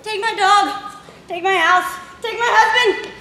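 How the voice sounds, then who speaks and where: A woman plays a very high, bright-voiced housewife who melodramatically rants and shouts. She laughs through her outrage in a sketch parodying a commercial. The room is echoey. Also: measured pace, full character voice. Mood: defeated. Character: overwrought housewife spiraling into comic outrage. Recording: roomy, faint background hiss.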